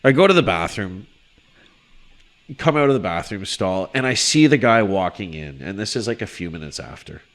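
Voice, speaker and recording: Low-pitched male podcast storyteller, casual and profane, animated. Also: normal speed. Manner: animated, swearing, shouts when quoting people. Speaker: podcast co-host telling a story. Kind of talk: casual storytelling among friends.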